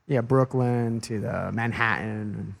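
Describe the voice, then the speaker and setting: A man's voice: mid-range voice, gravelly, breathy edge. Easygoing American man chatting. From United States. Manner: easygoing, laughs often, halting restarts. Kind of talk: casual chat.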